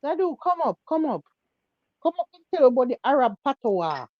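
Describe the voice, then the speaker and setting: A Jamaican woman chats on a livestream and fires off questions in a patois-laced voice. Her voice sits a little high. The sound is dull and dry, with no room in it. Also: very animated, a little fast, dry recording. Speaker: livestream host. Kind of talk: casual online chat.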